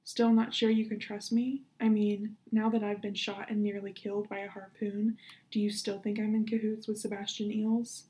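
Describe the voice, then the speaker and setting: A woman's voice: medium pitch, little pitch movement, moderate pace, warm tone, natural voice. A woman reading an earnest runaway girl.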